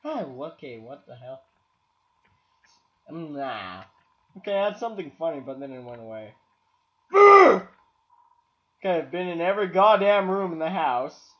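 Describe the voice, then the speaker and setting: A man's voice: on the high side, big pitch swings, normal speed, dull audio. A man with a cold commentating a game, exasperated and swearing, talking to objects on screen. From Canada. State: has a cold. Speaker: gameplay commentator. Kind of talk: let's play commentary.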